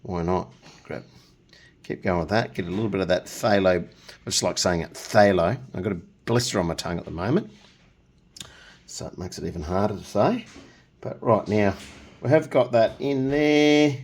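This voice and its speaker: His voice sits on the lower side, moving at an ordinary pace but broken by frequent pauses. He's a middle-aged man leading an easygoing painting tutorial, joking around, chatting and humming nonsense melodies while working.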